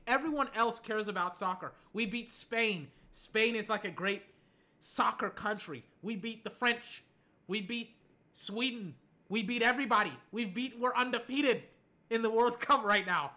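An American vlogger in a casual sports rant, animated and arguing back at imagined critics, a little tired. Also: mid-range voice, measured pace. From United States.

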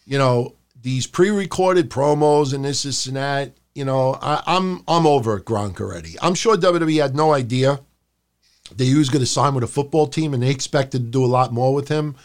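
A man's voice: mid-range voice, normal speed. A man co-hosting a wrestling podcast, talking casually and profanely, acting out his rants in a raised voice. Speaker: podcast co-host.

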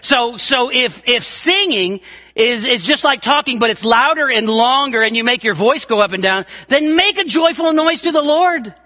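A middle-aged man preaching a sermon as a pastor, emphatic, repeating words for stress and swinging from loud calls to quiet asides. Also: very high-pitched, animated, moderate pace, dry recording, studio quality.

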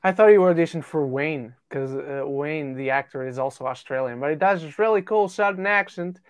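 A man from the UK hosting a casual podcast, reading out listener rankings with quick jokey asides. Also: on the high side, smooth, dry recording. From United Kingdom. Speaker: podcast host.

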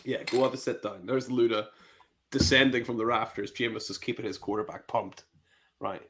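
A man's voice: mid-range voice, steady tone, normal speed, fairly bright tone, slight background noise. A man co-hosting a casual fantasy football chat show, laughing and reacting to clips.

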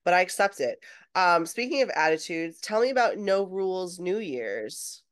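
A woman in her thirties co-hosting a podcast, telling stories in a lively way and laughing easily. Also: lowish voice, normal speed. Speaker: podcast co-host. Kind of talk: casual chat.

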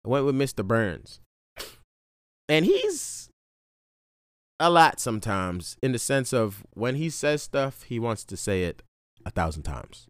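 A man's voice: mid-range voice, wildly swooping pitch, a little slow, long pauses, a bit bright, clean tone, no echo, clean studio sound. A man telling a rambling story in a laid-back casual monologue, full of slang and restarts. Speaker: vlogger.

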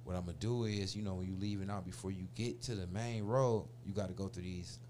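A low-voiced man in his forties tells a long, casual story at a fairly quick clip, with slight background noise. Full of slang and swearing, his retelling is animated, with him acting out the voices of those involved.

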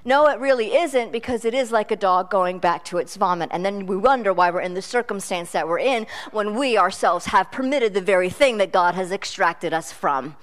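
A woman's voice: medium pitch, normal speed, hardly any pauses. A middle-aged woman preaching a sermon in a chatty, self-deprecating storytelling way.

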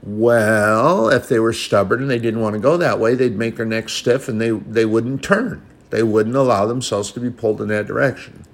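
A man's voice: fairly low pitch, moderate pace, hardly any pauses. A man preaching a sermon, quoting scripture in an old-style cadence and building to emphatic, rising passages.

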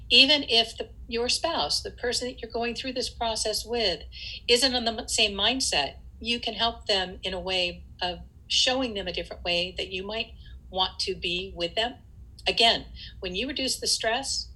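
A woman coaching people through divorce, speaking calmly and repeating her key points. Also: mid-range voice, husky, rough recording. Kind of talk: spoken advice talk.

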